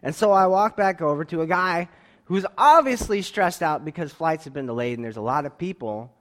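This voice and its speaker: Man, storyteller, slightly higher voice, lively and expressive, acts out the lines he quotes. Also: brisk. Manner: acts out dialogue, laughs while telling; expressive, swings between quiet asides and loud outbursts. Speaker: speaker telling a personal story to an audience. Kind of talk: animated storytelling.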